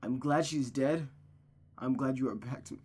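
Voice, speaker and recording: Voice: medium pitch, moderate pace, a little mellow, slightly rough, natural voice. Someone voicing a possessive, smothering mother. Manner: coaxing, cold, smothering. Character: possessive, manipulative mother of a young woman.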